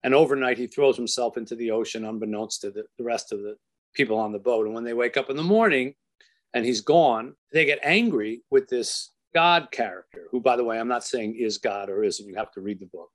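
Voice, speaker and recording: A man as an interview guest, telling a story in an earnest, measured way and slowing down for emphasis. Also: mid-range voice. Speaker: author and guest.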